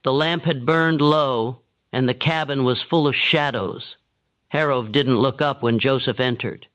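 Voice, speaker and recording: A man giving steady, measured scripted narration of a dark historical story. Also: medium pitch. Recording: dull, dry, lo-fi sound.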